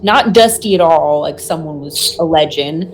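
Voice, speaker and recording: A woman's voice: deep voice, normal speed, a little hiss or hum. A woman playing at a tabletop game, describing things in a rambling way full of fillers. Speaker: player.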